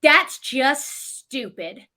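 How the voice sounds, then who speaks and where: A woman mimicking a rude, angry woman stranger who sneers loudly as she retells a story. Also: on the high side, expressive, drawn-out words, full character voice. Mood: scornful.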